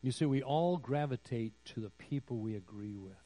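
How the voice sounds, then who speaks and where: A pastor preaching a sermon slowly and deliberately, building to emphatic raised phrases. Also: male voice, mid-range voice, expressive, mellow, low-quality recording. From United States. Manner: slow, deliberate preaching with rising emphatic peaks.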